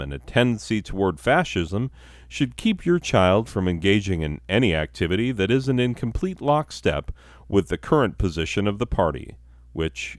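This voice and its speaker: A man's voice: on the low side, no room sound. A man hosting a comedy podcast, delivering a profane, sardonic satirical monologue and laughing at his own jokes.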